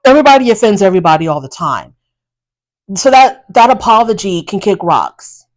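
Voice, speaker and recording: A woman's voice: medium pitch, very animated, fairly quick. A woman hosting a casual reality TV recap, talking bluntly and sassily to the people on the show. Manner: blunt, sassy, talks straight to the people on screen.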